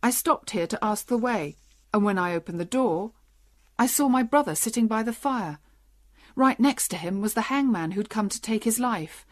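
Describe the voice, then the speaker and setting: A woman's voice: on the high side, expressive, normal speed, lightly acted. A woman reading as a polite, frightened little man. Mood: earnest. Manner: polite, earnest explaining.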